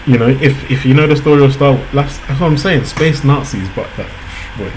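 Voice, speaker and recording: A man hosting a casual reaction video, talking excitably, laughing often and repeating himself. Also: medium pitch, a little fast, noisy background.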